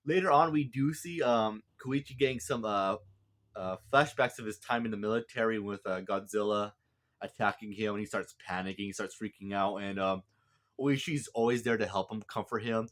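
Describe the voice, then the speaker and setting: A man's voice: fairly low pitch, normal speed, fairly bright tone. A man casually reviewing a movie, rambling with lots of fillers and restarts. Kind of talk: casual film review vlog.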